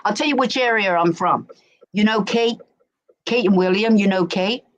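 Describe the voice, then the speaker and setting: A woman's voice: mid-range voice, moderate pace, lo-fi sound. A woman from chatting as a guest on a home live stream, telling stories and often asking "do you know what I mean", with no external mic. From England, Berkshire. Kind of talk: casual chat. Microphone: no external mic plugged in.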